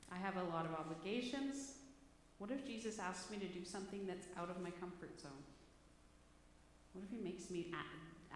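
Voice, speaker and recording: A woman preacher giving a conversational, storytelling sermon, self-deprecating and chatty, in a church hall. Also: on the low side. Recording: echoey hall, faint background noise.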